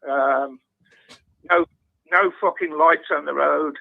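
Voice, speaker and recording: Man, caller, gravelly voice, rambling and swearing, tinny phone line. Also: a little high, steady tone, slow pace. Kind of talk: phone-in call.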